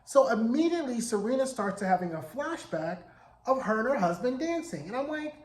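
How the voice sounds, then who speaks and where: A man in his forties giving a sassy, animated casual recap of a TV episode, acting out the characters' lines. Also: very high-pitched, brisk. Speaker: TV recap vlogger. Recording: roomy echo.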